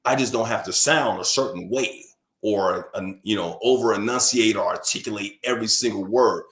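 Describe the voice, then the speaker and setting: A man from New York and Alabama, talking casually as a guest on a sports radio show, animated and emphatic, often repeating words when fired up. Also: on the low side, normal speed. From born in New York, raised in Alabama. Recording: echoey room.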